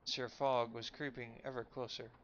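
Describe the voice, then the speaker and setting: A man reading a story game aloud for a stream, reading quickly and often stumbling and correcting himself. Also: medium pitch, level tone, a bit bright. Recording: lo-fi with faint noise.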